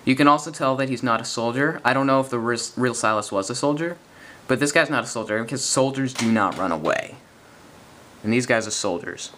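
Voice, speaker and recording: A young man giving casual, excited gameplay commentary, rambling and correcting himself as he goes. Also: mid-range voice, a little fast, slight background noise. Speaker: gaming video commentator.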